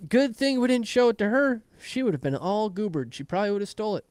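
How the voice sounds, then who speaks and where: A man with a high voice and quick pace retells an anime episode on his podcast, swearing freely and voicing characters' lines in playful asides. There's no room sound.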